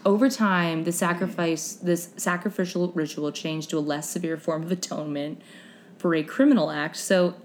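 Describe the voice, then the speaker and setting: A young woman with a fairly low voice hosts a relaxed chat show. She reads her notes aloud and drops dry, joking comments between the facts. She trips over unfamiliar names. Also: moderate pace, a little hiss or hum. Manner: chatty, wry asides, stumbles over unfamiliar names. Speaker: podcast host. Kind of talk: casual chat, reading history notes aloud.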